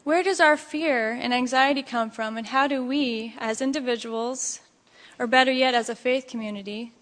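Bright-voiced woman preaching in a ringing hall. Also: on the high side, moderate pace. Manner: expressive, animated storytelling. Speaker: pastor. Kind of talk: sermon with storytelling. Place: church sanctuary.

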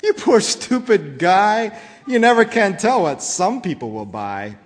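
A man reads as a brash, greedy businessman from a storybook, in a high, lively voice that swoops up and down through the rhymes. He speaks slowly, and a long reverb hangs in the hall. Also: exaggerated voice.

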